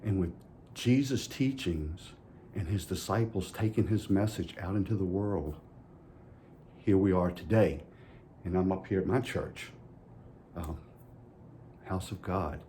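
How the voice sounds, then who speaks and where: A man's voice: deep voice, a little slow, pauses often, dark tone, a little hiss or hum. A man giving a children's message at church in a folksy way, asking the kids playful questions. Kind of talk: children's sermon.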